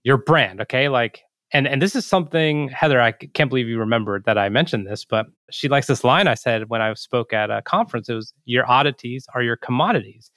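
A man's voice: medium pitch, fairly quick, fairly bright tone, dry recording, clean studio sound. A man hosting a podcast, summing up takeaways in a coaching tone. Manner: summarizing, coaching tone. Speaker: podcast host. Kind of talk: casual podcast commentary.

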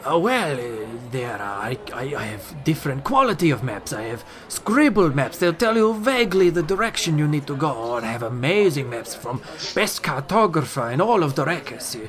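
A man's voice: fairly high pitch, very animated, moderate pace, hardly any pauses, a bit bright. A man voicing a large, jovial male merchant who haggles in clipped, broken grammar. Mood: boastful.

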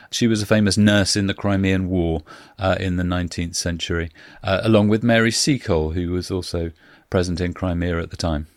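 A man's voice: medium pitch, no room sound. A man hosting a casual podcast, reading out local facts with frequent filler sounds and dry jokes. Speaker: podcast host.

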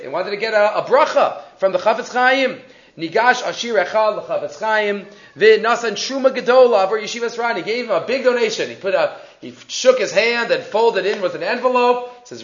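High-voiced man teaching a religious class. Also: lively intonation, normal speed, fairly bright tone. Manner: storytelling, restarts, translates each verse. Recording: echoey dull recording.

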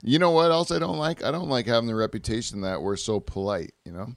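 A man's voice: mid-range voice, fast talker, dry recording, clean studio sound. A man co-hosting a podcast, telling rambling stories in casual chat, swearing and laughing often. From Canada. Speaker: podcast co-host.

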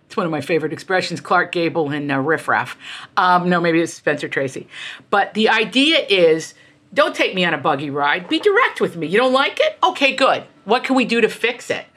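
In an interview, a middle-aged woman author shares candid stories in a conversational way. Her voice is lowish, and she tells them emphatically and with animation, tossing in quick asides.

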